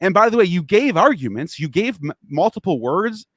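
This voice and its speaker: Heated, lively man ranting. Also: sits high, normal speed, no echo, clean studio sound. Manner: animated, rambling, profane, heated. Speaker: podcast host. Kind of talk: casual online discussion.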